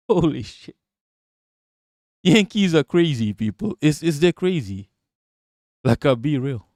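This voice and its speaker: A little slow and a little high, with big pitch swings and a darkish tone, a man hosting a livestream rants casually about politics. He mocks, swears, repeats himself, and laughs often, captured in a dry, clean studio recording.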